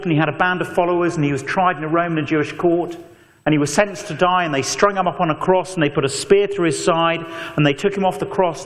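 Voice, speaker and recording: A man preaching an animated evangelistic talk, telling stories with mock voices and asides. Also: on the high side. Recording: long echo of a large hall.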